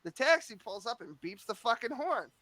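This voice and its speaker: A man's voice: very high-pitched, sing-song, normal speed, pushed and bright, no room sound. A man around thirty telling a long, crude, profane comic anecdote in casual podcast chat. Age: 30s. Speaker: storyteller guest.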